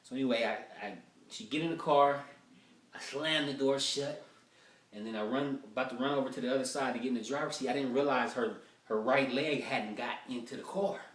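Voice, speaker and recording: A man's voice: mid-range voice, a little fast. A male comedian telling stories in a profane, rambling, casual way, recorded from a distance in a roomy space. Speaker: stand-up comedian. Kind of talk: stand-up storytelling, rough draft. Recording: roomy sound from a distant mic.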